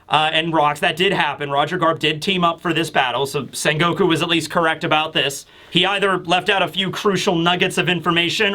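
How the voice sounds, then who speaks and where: A man hosting a casual manga chapter review, talking in an excitable, rambling way with casual swearing. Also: on the high side.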